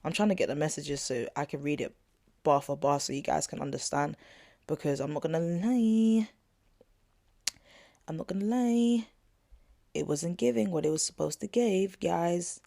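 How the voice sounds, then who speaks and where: Speaking in a low, creaky, warm voice at a moderate pace, a young podcast host pauses often as she tells listeners a personal story. She's indignant, recounting an argument chattily with slang, asides and "not gonna lie" fillers; the studio-quality audio has no echo.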